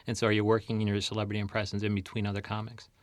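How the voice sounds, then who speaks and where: A man's voice: lowish voice, completely flat delivery, rapid-fire, no echo. A man hosting a podcast, rambling and swearing casually as he chats with his guest. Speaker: podcast host.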